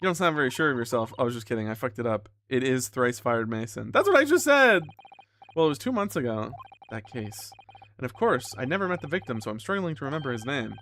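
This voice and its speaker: This streamer talks fast with few pauses, his medium-pitched voice animated and a bit bright over a slight hiss or hum. He jokes casually while reading the game's lines aloud and catches his mistakes as they happen.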